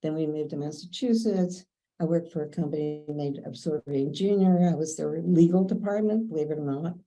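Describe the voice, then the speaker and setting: An older woman from Kentucky, interviewed on poor-quality audio, speaks a little fast in a deep, mellow voice. She casually tells chatty anecdotes from her working life, acting out the dialogue and quoting what others said.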